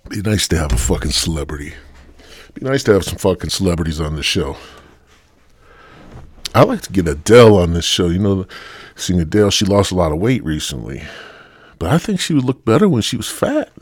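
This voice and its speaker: A man's voice: low-pitched, sing-song, a little fast, long pauses, breathy edge, no echo. A male podcast host rambling bluntly through a profane solo rant. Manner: rambling, heavy swearing, blunt.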